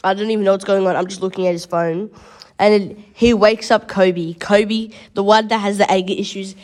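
Teen Aussie boy, lively storyteller, casual swearing podcast chat. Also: high-pitched, brisk. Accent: Australian. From Australia. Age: teens. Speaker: podcast co-host.

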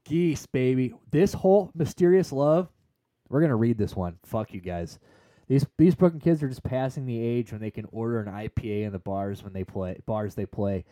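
A man co-hosting a podcast in casual chat, rambling and swearing freely with excited tangents. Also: medium pitch, moderate pace, no room sound, studio quality. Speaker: podcast co-host.

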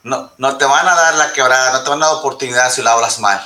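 Bright-voiced bilingual man, echoey room. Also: medium pitch, very fast. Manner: animated, mixes Spanish and English, says "right?" often. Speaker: panel guest. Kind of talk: panel discussion.

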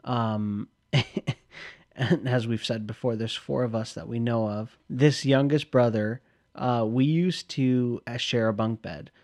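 A man's voice: mid-range voice, fairly even intonation, measured pace, a little mellow. A man from the Midwest co-hosting a podcast, rambling casually with lots of fillers and laughs. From Midwest US, Milwaukee. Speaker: podcast co-host.

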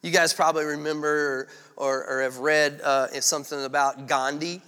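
A man's voice: a little high, flat delivery, normal speed, bright, forceful tone, smooth, in a large hall. A male pastor preaching a sermon in a candid, conversational storytelling way.

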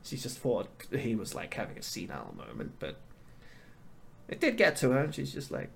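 A man's voice: medium pitch, huge pitch swings, moderate pace, creaky, husky. A man narrating as game master in a casual, hesitant way with many fillers.

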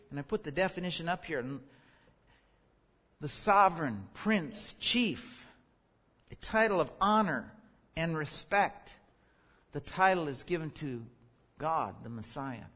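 A man's voice: high voice, fairly bright tone, in a large hall. A man teaching a Bible study lesson, earnest and explanatory, his voice leaping up when he calls out the words he quotes.

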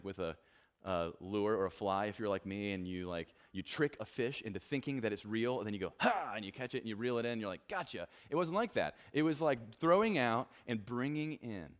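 A man preaching a sermon in a relaxed, conversational way, with many fillers, and acting out the people he quotes in a lower, offhand voice. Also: brisk. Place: church.

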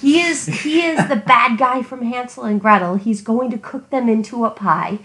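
A woman in casual book discussion, ranting animatedly and acting out what she shouted at the book. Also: a little high, normal speed, echoey room, a little hiss or hum, rough recording. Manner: animated ranting, acting out her younger self. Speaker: podcast co-host.

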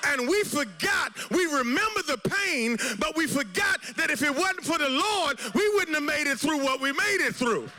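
A male pastor preaching a sermon with passion, swinging between shouted lines and hushed low tones, and repeating phrases in rhythm. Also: animated, moderate pace, few pauses, faint music behind.

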